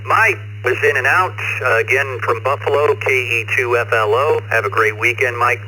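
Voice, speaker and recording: A man's voice: mid-range voice, moderate pace, pushed and bright, slight background noise, low-quality recording. Chatty man running a ham radio net. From American Midwest. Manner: friendly, chatty, rambling asides. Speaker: net control host of an amateur radio net. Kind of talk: casual radio net chat.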